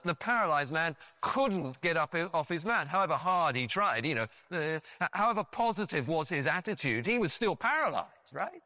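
Animated, bright-voiced male preacher. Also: on the high side, no room sound, studio quality. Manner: animated storytelling with frequent restarts and "you know". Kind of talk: sermon.

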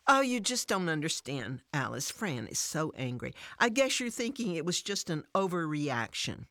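A woman voicing an upset, defensive working mother who talks in an emotional, high-strung, pleading way. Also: sing-song, moderate pace, fairly bright tone, dry recording, studio quality, full character voice.

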